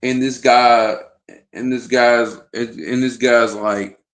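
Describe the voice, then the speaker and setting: A man's voice: medium pitch, steady tone, slow pace, a bit bright. A man vlogging in a casual chat to camera, rambling and hesitant with frequent restarts.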